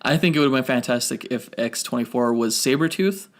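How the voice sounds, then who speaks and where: He's a brisk talker with a mid-range voice, co-hosting a podcast where he casually reviews a film. Expect rambling, self-corrections, and plenty of nerdy detail.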